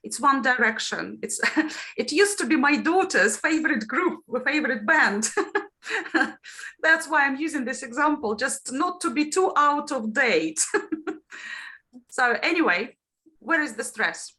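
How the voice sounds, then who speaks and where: A middle-aged woman teaching trainee teachers online has a bright, clear, fairly high voice that swoops widely as she demonstrates intonation. Lively yet unhurried, she pauses often and puts questions to the class.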